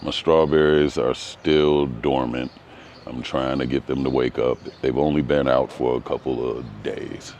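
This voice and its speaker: Very deep-voiced, slow, hesitant man. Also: fairly even intonation, darkish tone, dull audio, a little hiss or hum. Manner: hesitant and rambling, with frequent ums. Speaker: gardening vlogger. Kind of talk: casual walk-through vlog. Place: outdoors in a home garden.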